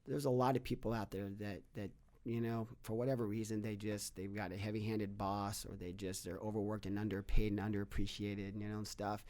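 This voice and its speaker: A man's voice: on the low side, level tone, fairly quick, a little mellow. A middle-aged man, a guest on a podcast, talking earnestly and telling stories, often repeating and restarting his words. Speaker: podcast guest, fitness business owner. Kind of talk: casual interview storytelling.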